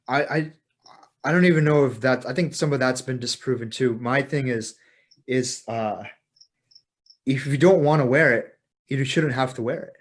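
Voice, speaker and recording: Man, medium pitch, podcast host, casual chat, agreeable, blunt. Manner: agreeable, quick to affirm, blunt. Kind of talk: casual conversation.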